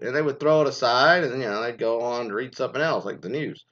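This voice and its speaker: A man's voice: fairly high pitch, animated, brisk, gravelly, bright, forceful tone. A man hosting a casual commentary, reading news items and then ranting in a rambling, profane, exasperated way. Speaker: commentary host. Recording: dull lo-fi sound.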